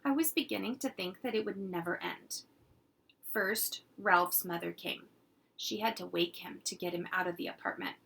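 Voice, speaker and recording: A woman teacher reading a children's chapter book aloud in gentle, unhurried storytelling. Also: medium pitch, creaky, slightly rough.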